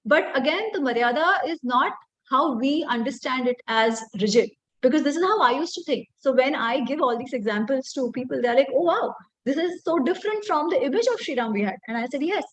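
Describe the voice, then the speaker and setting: A woman's voice: high-pitched, brisk, rough recording. A woman giving an impassioned talk, quoting Sanskrit verses. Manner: expressive, quotes Sanskrit verses. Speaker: speaker on the Ramayana.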